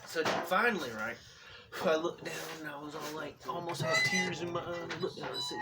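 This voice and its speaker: A man's voice: on the high side, fairly even intonation, a little fast, loud music behind the voice. A man co-hosting a podcast, telling a long rambling story in casual, profane chat with lots of fillers. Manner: rambling, profane, fillers like "you know what I'm saying". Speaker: podcast co-host. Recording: distant mic with clear background noise.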